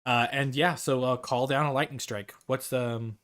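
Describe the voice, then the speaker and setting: Guy dming a tabletop game, mid pitch, lots of uh and restarts, rambly. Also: fairly even intonation, fairly bright tone. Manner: loose, halting narration full of fillers and restarts. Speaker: dungeon master.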